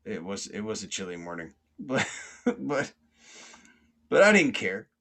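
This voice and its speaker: A man's voice: lowish voice, very animated, measured pace, vocal fry, a bit bright. A man hosting a podcast, telling a long story in a casual, rambling way, with many fillers and restarts and plenty of swearing. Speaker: podcast host.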